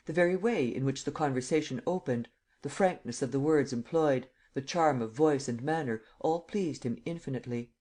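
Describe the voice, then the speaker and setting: A man narrating a classic novel in a measured, steady way. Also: mid-range voice. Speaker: audiobook narrator. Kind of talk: scripted narration.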